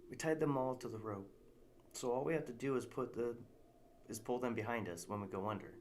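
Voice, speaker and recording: Male narrator, live read, casual and unpolished, mid pitch, faint noise behind. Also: a little fast, darkish tone. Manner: casual, unpolished reading with restarts. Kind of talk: live story reading.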